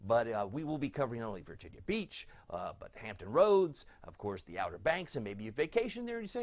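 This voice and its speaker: Animated, chatty middle-aged weatherman. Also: medium pitch, fast, hardly any pauses. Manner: chatty, sentimental, easily moved. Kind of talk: live weather chat reading viewer comments.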